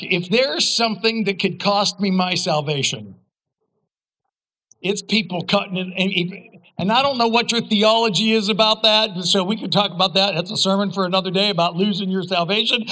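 A man preaching a sermon as pastor, telling a story with humor and sudden loud outbursts. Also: sits high, low-quality recording.

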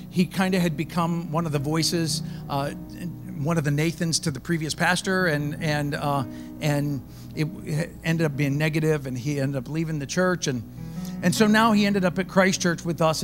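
Conversational male pastor preaching over music. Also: fairly high pitch. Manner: storytelling, conversational, loud. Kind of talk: sermon.

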